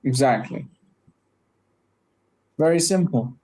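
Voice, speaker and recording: A man's voice: medium pitch, lively intonation, takes it slowly, a little mellow, husky. A man co-hosting a chess show as the trainer, guiding his partner with leading questions. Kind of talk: casual coaching chat.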